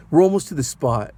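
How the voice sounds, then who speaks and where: Guy driver rambling thru a sketchy ride story, warm low-key tone, keeps asking what would you do. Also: a little hiss or hum. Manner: rambling, anxious, asks the viewer rhetorical questions. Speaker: rideshare driver. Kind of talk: casual storytelling vlog.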